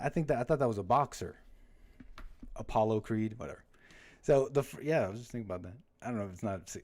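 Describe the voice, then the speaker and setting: Rambling man chatting on a livestream. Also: mid-range voice. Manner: rambling, self-interrupting, jokey. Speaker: livestream host. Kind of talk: casual livestream chat.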